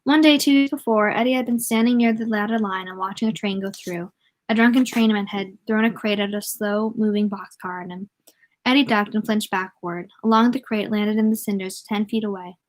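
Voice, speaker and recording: A woman's voice: medium pitch, brisk. A woman reading a novel aloud in a casual way, often stumbling, correcting herself and adding joking asides.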